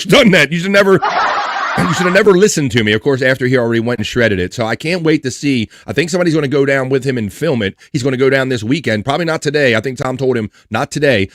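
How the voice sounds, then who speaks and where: A man with a middle-pitched voice hosts a livestream, chatting casually and crudely with frequent laughter. The sound is dry and close. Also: no room sound. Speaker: livestream host.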